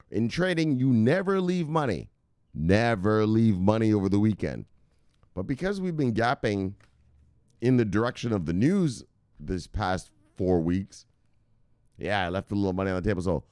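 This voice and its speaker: A man in casual chat about trading, rambling and swearing freely between fillers. His voice is smooth and clear and his pitch moves a lot. The sound is dry and close. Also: expressive, measured pace, darkish tone, no echo. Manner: rambling, profane, full of fillers. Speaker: crypto news vlogger.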